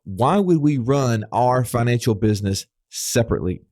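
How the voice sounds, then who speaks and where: A man's voice: mid-range voice, expressive, moderate pace, a little mellow, dry recording, studio quality. A man hosting a finance podcast, explaining ideas through rhetorical questions. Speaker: podcast host. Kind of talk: casual finance podcast chat.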